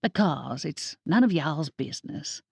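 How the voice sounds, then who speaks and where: Gruff stern witch grandma, a woman doing her. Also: sits low, animated, measured pace, no echo, clean studio sound, full character voice. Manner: clipped and curt.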